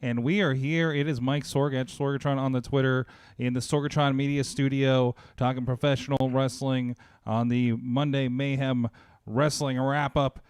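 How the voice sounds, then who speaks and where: A man's voice: medium pitch, little pitch movement, moderate pace, a little mellow, clean tone. A man hosting a casual wrestling talk show, chatty, with lots of fillers and restarts. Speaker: podcast host. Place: home studio. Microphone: close studio mic.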